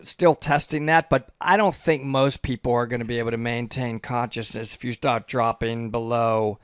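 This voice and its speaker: Man, dive instructor co-host, encouraging and chatty, average pitch, dry close sound. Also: steady tone, moderate pace, smooth, no room sound. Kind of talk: casual chat.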